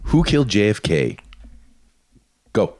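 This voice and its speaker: A man's voice: fairly low pitch, big pitch swings, a little slow, darkish tone, faint music behind. A man co-hosting a comedy podcast, reading out questions and teasing with wisecracks. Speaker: co-host asking listener questions. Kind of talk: casual comedic chat.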